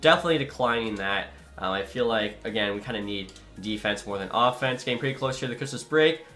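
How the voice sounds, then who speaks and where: A man's voice: lowish voice, expressive, sharp tone, faint music behind. A young man giving upbeat, chatty commentary over a hockey video game. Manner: upbeat, quick, chatty with filler. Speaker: gaming YouTuber.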